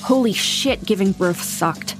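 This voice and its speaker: A woman in her forties, an actress and author, talking frankly and with humor in an interview, sometimes swearing and telling lively stories. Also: mid-range voice, measured pace, music in the background. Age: 40s. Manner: frank, profane, animated storytelling. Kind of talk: candid interview conversation.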